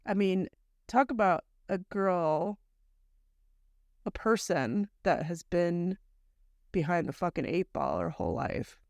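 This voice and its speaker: Her voice sits on the low side, gravelly and a little mellow, with a slow pace, long pauses, and no echo. As a podcast co-host recapping a story, she chats in long run-on chains, blunt and mildly profane.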